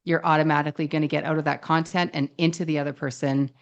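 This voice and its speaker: A woman's voice: deep voice, flat delivery, fast, highs cut off. A woman co-hosting a podcast as a couple therapist, speaking in a thoughtful, earnest conversational way. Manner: thoughtful, earnest, many affirming "yeah"s. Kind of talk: casual conversational podcast chat.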